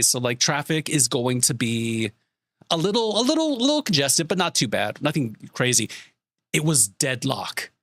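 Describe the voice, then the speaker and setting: A man's voice: on the high side, dry recording, studio quality. A male streamer telling an exasperated, swearing story to his chat in a casual way. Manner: exasperated, swearing, animated retelling.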